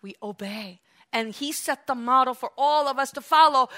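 A woman preaching a sermon in an animated way, acting out quotes and swinging between loud exclamations and quiet asides. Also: sits high, moderate pace.

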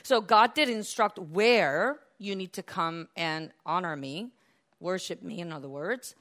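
A woman preaching a sermon, retelling scripture as a lively story with laughs and acted-out quotes. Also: on the low side, measured pace.

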